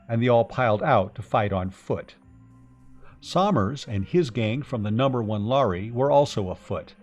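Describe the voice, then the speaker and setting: A man reading a science fiction audiobook aloud in a steady, even storytelling voice. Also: mid-range voice. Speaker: narrator. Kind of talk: scripted audiobook narration.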